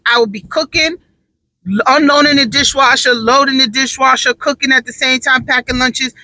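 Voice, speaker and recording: A worn-out mom tells stories about her home life in an animated, sassy style and hammers her points with repetition. Her voice is sharp and forceful and sits high. The sound is close and dry, with no room echo. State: tired, drained. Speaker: mother and vlogger. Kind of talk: casual storytelling monologue.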